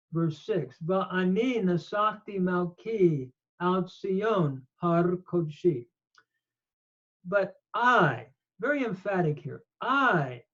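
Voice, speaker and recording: An older man teaching scripture in a slow lecture, reading Hebrew verses aloud and explaining each one with measured emphasis. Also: high-pitched. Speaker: Bible teacher. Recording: dull lo-fi recording.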